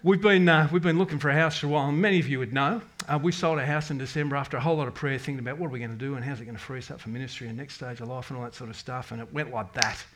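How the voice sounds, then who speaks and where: A man's voice: mid-range voice, rapid-fire, hardly any pauses, fairly bright tone. Candid man telling his faith story. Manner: rambling, candid storytelling with many restarts and self-quotes. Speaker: parish member giving a testimony. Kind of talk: personal faith testimony to a congregation.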